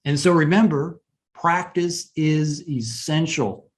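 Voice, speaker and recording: Guy teaching a presentation skills webinar, kinda high voice, keeps saying right?, lots of pauses. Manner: conversational, frequent "right?" and "and so". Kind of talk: webinar lesson.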